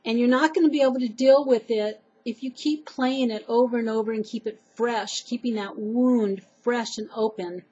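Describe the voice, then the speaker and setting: A woman's voice: fairly high pitch, fairly even intonation, normal speed, few pauses, mellow, slightly rough, dull audio. A woman earnestly sharing personal life advice with her viewers, rambling a little with fillers and restarts. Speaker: vlogger giving advice. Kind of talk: heartfelt personal advice to camera.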